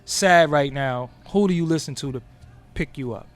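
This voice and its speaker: A man's voice: a little high, moderate pace. A man hosting a casual chat show, joking and telling stories in a playful, boastful way. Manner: playful, boastful, animated storytelling. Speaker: host.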